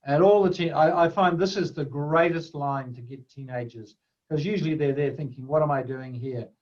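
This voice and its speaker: A man's voice: on the high side, steady tone, moderate pace, a little mellow. A man presenting a webinar lecture, conversational and full of fillers and restarts. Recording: dull lo-fi webinar audio.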